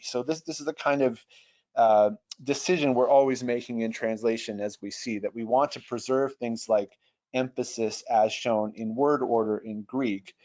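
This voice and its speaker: A man teaching an online webinar on translation, talking in a thoughtful, hesitant way with restarts, slowly sounding out foreign phrases. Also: lowish voice, darkish tone, muffled recording. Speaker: Bible software trainer. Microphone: computer mic over internet.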